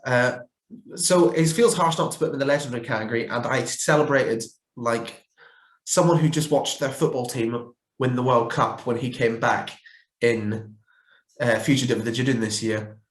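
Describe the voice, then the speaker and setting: A man talks through his rankings in a casual, opinionated way, often pausing on fillers and correcting himself mid-sentence. His voice sits at an ordinary middle pitch. The recording carries a noticeable roomy echo. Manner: opinionated, chatty with frequent fillers and self-corrections. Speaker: fan reviewer ranking characters.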